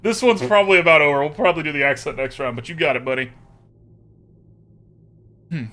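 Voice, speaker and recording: A talkative man hosting a live stream, his voice slightly high and sharply bright. He thinks out loud about each move and greets viewers by name in a loose, casual way. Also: brisk, pauses often. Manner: chatty, thinks aloud and talks to viewers by name. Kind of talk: casual live-stream commentary while playing a card game.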